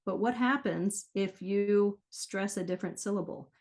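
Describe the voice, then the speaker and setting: A woman's voice: mid-range voice, moderate pace, a little mellow. A woman, a pronunciation coach, guesting on a podcast interview and explaining her work conversationally. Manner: explanatory, often checks in with "right?".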